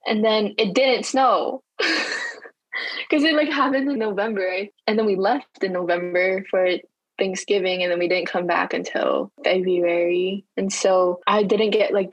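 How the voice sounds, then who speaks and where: A young woman from Hawaii speaks with a light Hawaiian accent, chatty and candid, breaking into easy laughter. Her voice sits at a middling pitch. The recording is dry and close, with no room sound. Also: fairly even intonation, no echo, rough recording. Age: young adult. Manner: chatty and candid, laughs easily, quick bursts. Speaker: university student guest. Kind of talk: casual interview conversation.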